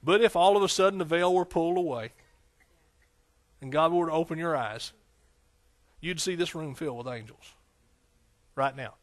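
A man's voice: fairly high pitch, normal speed, pauses often. A man preaching a folksy, conversational sermon, with frequent amens and hallelujahs. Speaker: pastor.

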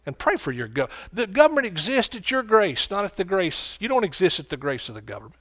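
Emphatic male preacher from the US, slightly high voice, repeats lines, calls to the crowd. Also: big pitch swings, fast, fairly bright tone. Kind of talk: sermon.

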